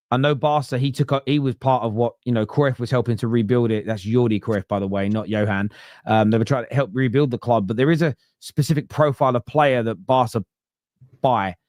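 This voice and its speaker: A man hosting a casual football fan podcast, talking in an animated way and often tripping over his words. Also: medium pitch, no echo, clean studio sound. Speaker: podcast host.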